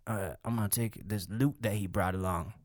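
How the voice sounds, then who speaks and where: A man's voice: lowish voice, fairly even intonation, moderate pace, no room sound, clean studio sound, pitched below the performer's own voice, close to an everyday voice. A man voicing a lazy, greedy male dungeon guard who drawls in bro-speak during a tabletop game. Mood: lazy, smug. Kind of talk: tabletop game role-play.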